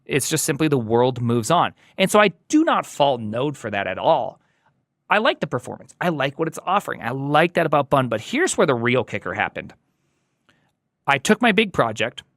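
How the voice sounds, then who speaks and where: A man's voice: mid-range voice, a bit bright, dry recording, clean studio sound. A man speaking as a guest in a casual podcast conversation, emphatic and opinionated, driving points home by repeating them. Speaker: podcast guest, software engineer.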